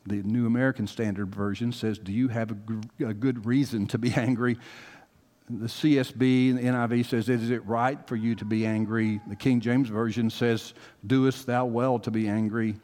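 A man's voice: medium pitch, fairly even intonation, normal speed, a little mellow. A man from the American South preaching a conversational sermon as pastor, talking directly to his congregation and rising into emphatic bursts. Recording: long hall reverb.

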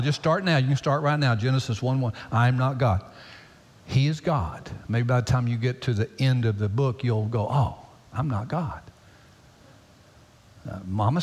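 A man preaching a sermon as pastor, swinging from loud, high pleading to hushed near-whispers. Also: husky. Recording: long hall reverb.

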